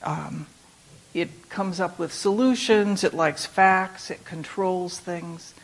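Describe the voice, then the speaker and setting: Calm, low-voiced woman reading aloud. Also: slow. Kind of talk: reading aloud from a memoir, then reflective talk.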